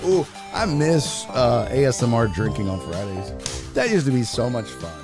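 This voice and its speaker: A man's voice: medium pitch, sing-song, moderate pace, music in the background. A man hosting a live-streamed sports talk show, chatting loosely with viewers, joking and swearing. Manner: loose, profane, joking banter with chat.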